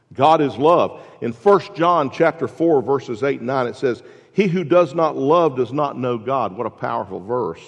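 A man pastor delivering a sermon, asking the congregation questions and dropping from loud emphasis to hushed tones. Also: mid-range voice. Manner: preaching with rhetorical questions, swings from loud to hushed. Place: church sanctuary. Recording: long reverb in a large hall.

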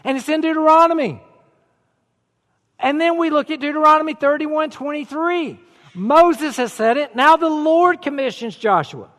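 Speaking at a moderate pace, this male pastor has an unusually high voice and a sermon style that begins casually and rises into forceful proclamations. A big church sanctuary lends the audio a lengthy reverb.

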